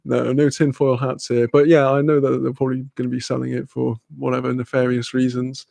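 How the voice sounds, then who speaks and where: A young man with a British accent talking loosely and at length, breaking into laughter and tossing in swear words. His voice has a gravelly, fried edge, and the sound is close and dry with no room around it. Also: mid-range voice, little pitch movement, moderate pace, a little mellow, dry recording. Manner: rambling, laughs often, swears casually. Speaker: streamer chatting with viewers. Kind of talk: casual chat.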